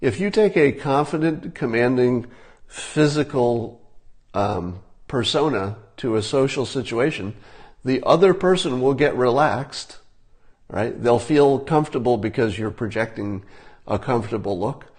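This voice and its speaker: An older man talking casually, giving relaxed conversational advice and demonstrating tips as he goes. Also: medium pitch, a little slow.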